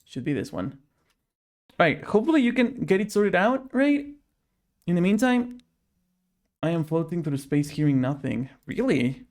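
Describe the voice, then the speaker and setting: A man talks casually through a game stream, joking and haggling with the characters. His pitch swings widely and lively as he goes. Soft music plays faintly under his voice. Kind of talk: casual live-stream commentary while gaming.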